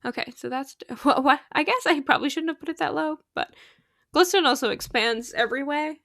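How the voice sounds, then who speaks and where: A bubbly young woman chatting through a game stream, giggling and getting excited as she talks. Her voice sits a little high, and the sound is close and dry, with no room around it. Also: brisk, creaky, no room sound. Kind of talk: casual gaming stream chat.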